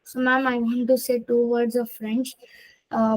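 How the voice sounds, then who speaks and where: Slow, hesitant woman student. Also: fairly high pitch, level tone, a little mellow, poor audio. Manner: hesitant, halting. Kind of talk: asking a question in class. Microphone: video call.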